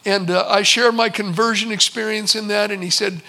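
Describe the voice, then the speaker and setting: With a very high, gravelly voice that sounds bright and sharp, this pastor moves through his storytelling sermon at a moderate pace with few pauses. He performs bits of dialogue along the way, quoting servants and a visitor.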